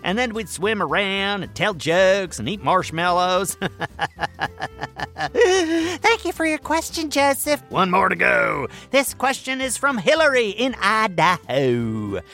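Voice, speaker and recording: A man voicing a boastful, excitable furry animal sidekick who hosts a kids' comedy radio show. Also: high-pitched, slow pace, faint music behind, heavily acted.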